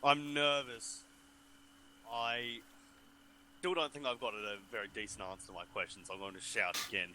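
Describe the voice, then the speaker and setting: A man playing a tabletop game, describing his moves and shouting his character's lines. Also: fairly low pitch, animated, fairly quick, a little hiss or hum. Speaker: player. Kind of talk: casual in-character play.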